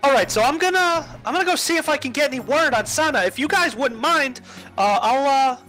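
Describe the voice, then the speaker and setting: Animated game master, lively voice. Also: high-pitched, fairly quick, faint music behind. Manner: animated, lively character voicing. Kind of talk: narrating a tabletop game.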